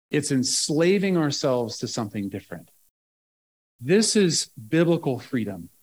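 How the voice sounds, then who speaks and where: A man's voice: medium pitch, darkish tone. A man pastor preaching a sermon in a conversational way, often checking in with the room.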